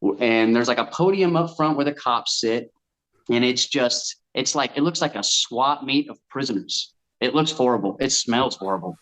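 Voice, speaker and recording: A man's voice: medium pitch, normal speed, fairly bright tone, poor audio. A man from Kansas, a tattoo artist, telling stories in a candid, profane, casual way on a podcast. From Kansas, USA. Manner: candid, profane, vivid storyteller. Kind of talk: casual storytelling chat.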